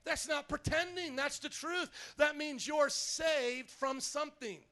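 A man preaching a sermon as pastor in a church, animated and calling out to the congregation for responses. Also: extremely high pitch, unhurried.

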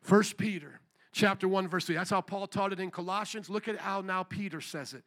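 High, bright-voiced preaching man. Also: fairly quick. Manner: animated preaching, call-and-response asides, bursts of shouting. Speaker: pastor. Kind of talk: sermon.

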